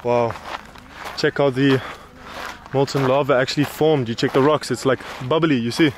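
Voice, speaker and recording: A man's voice: medium pitch, steady tone, normal speed. A man vlogging casually outdoors while hiking a volcano path, chatting to viewers and sounding tired from walking. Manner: chatty, talks to viewers and companion. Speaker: travel vlogger. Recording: loud outdoor noise.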